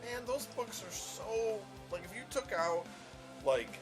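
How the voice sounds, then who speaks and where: A man's voice: high voice, animated, measured pace, over music. A man hosting a gaming news show, reading items aloud and adding sarcastic asides.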